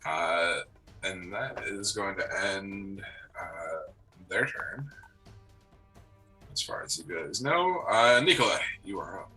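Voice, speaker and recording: A man narrating a tabletop game as game master, halting with many ums and uhs. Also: sits low, lively intonation, sharp tone, soft background music, rough recording.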